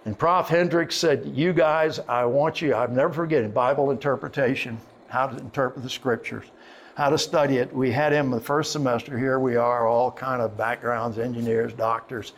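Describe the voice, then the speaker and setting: A man, likely older, preaching a sermon in a storytelling way, with folksy asides and slow, emphatic quotes. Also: mid-range voice, steady tone. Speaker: pastor.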